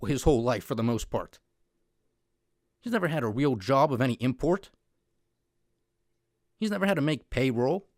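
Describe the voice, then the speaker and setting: Male podcast host, heated and emphatic, high lively voice, dry close sound. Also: no room sound. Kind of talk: political commentary podcast.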